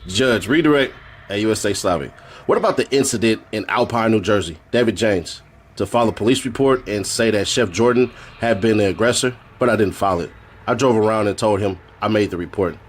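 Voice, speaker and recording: A man on a live stream reads out a court transcript in a low, husky voice. He keeps the reading flat and plain, then drops in joking asides of his own. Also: brisk.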